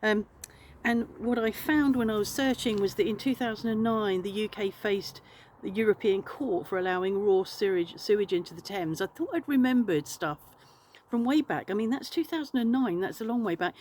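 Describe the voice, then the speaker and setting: A woman's voice: medium pitch, moderate pace, darkish tone, a little hiss or hum. A woman vlogging from home, rambling and outspoken, swearing freely. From England. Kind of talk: casual chat to camera. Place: home in France.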